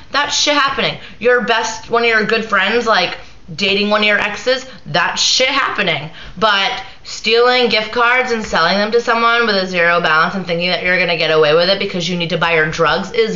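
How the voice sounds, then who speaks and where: A woman's voice: medium pitch, bright, forceful tone. A tired young woman venting in a rambling vlog, full of "like" fillers. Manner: ranting, lots of "like" fillers. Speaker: vlogger. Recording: echoey room, slightly dull sound.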